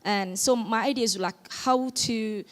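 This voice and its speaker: Woman from Djibouti, halting panel talk. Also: on the high side. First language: Somali. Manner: hesitant, searching for English words. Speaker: panelist, farmer and podcaster. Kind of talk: panel discussion.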